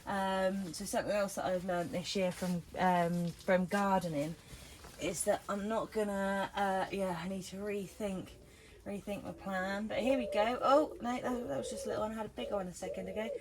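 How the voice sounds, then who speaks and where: A woman's voice: mid-range voice, steady tone, normal speed, noisy background. A woman chatting casually while gardening and squealing with delight at each find, filmed on a GoPro outdoors. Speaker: gardening vlogger. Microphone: GoPro camera.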